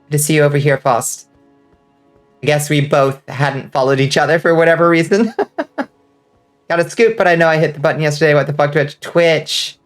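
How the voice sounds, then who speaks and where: Woman streamer, casual and chatty, from the US South, quick to laugh, game music behind. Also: sits low. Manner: chatty, swears freely, laughs often. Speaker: vtuber streamer. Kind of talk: casual gaming stream chat.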